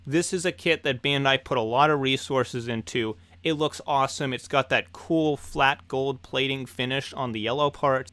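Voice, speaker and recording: A man's voice: mid-range voice, no room sound. Young male host for hobby news commentary, eager and upbeat, recorded dry and close. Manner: excitable, enthusiastic.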